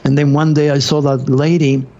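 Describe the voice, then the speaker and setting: A man with a French accent, a native French speaker, telling animated stories as an interview guest in slightly broken English. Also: a little high, muffled recording. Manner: animated, excitable storyteller with halting non-native phrasing. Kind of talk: storytelling in an interview.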